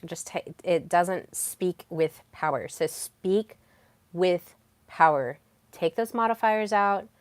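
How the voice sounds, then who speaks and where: Low-voiced woman coaching, dry sound. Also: animated, slow pace, no echo. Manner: earnest, coaching tone with many fillers. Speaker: podcast host. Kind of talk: solo self-help podcast talk.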